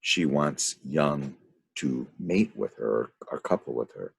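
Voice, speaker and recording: Deep gravelly man leading a reading group. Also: expressive, slow pace. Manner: rambling, thinking aloud with many fillers. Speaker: study group leader. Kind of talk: reading and commentary on a text.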